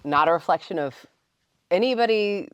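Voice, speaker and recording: Low-voiced woman telling a lively story. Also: moderate pace, smooth, no room sound, highs cut off. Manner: lively anecdotal, animated quoting. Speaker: film commissioner. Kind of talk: storytelling in an interview.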